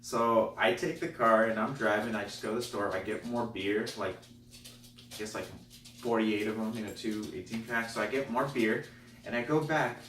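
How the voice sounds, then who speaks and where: A man, a comedian guest, telling a personal story in an animated, self-deprecating way. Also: on the low side, moderate pace. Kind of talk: comic storytelling. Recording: roomy, distant mic, faint noise.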